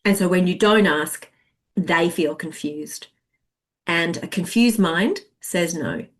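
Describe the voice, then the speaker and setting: Chatty expressive woman sales coach. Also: fairly low pitch, slow pace. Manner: expressive, chatty, acts out client voices. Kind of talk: webinar masterclass teaching.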